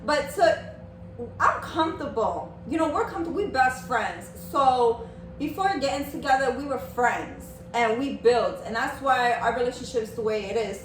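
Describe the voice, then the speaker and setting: A woman co-hosting a casual podcast with her husband, outspoken and animated, telling stories and laughing often. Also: a little high, moderate pace. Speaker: podcast co-host. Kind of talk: casual chat, storytelling. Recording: echoey room, distant mic, background noise.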